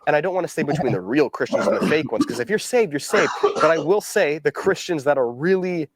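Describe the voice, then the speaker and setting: A man's voice: on the high side, expressive, a little fast. A man from Canada delivering a preachy monologue to camera, rambling and repeating words. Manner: rambling, repetitive stammering. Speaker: preacher in a clip.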